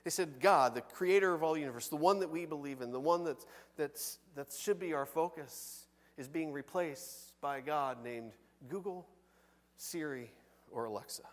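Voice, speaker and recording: A man preaching a sermon from the pulpit, conversational and animated, with big swings between loud and soft. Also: a little high, normal speed, big-room sound. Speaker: pastor. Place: church sanctuary.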